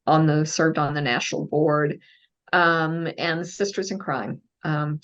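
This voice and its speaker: A woman with a Texan accent, a mystery novelist answering interview questions in a thoughtful, casual way with many pauses and fillers. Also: sits low, lo-fi sound. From Texas, USA.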